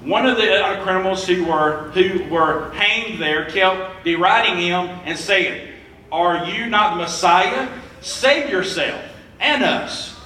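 A young male preacher delivers a sermon, reading the text in a halting way and filling pauses with sounds. His voice sits high and bright. The recording is roomy and echoey, with the mic some distance away. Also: slight background noise. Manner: halting, many filler sounds while reading.

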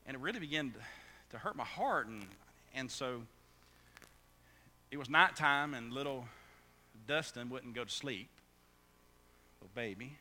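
A man preaching a sermon as pastor, often stammering and restarting, then building to loud, fervent preaching. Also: mid-range voice, animated, a little slow, long pauses. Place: church sanctuary. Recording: echoey hall with faint hum.

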